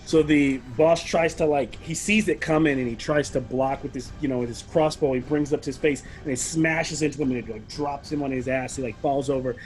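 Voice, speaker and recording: A man's voice: mid-range voice, steady tone, a little fast, hardly any pauses. A man narrating a tabletop game as game master, rambling along with lots of fillers.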